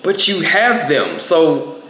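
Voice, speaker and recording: A man's voice: a little high, very animated, slow, roomy sound, over loud music. A young man giving a casual, rambling movie review, packing in lots of filler words.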